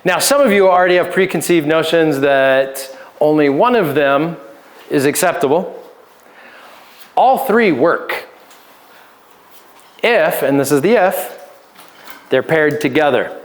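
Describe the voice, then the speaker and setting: A male pastor with a notably high voice teaches a seminar on relationships. He talks casually and jokes with his listeners. He laughs often and keeps checking in with a quick "right?". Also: expressive. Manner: conversational, keeps asking "right?".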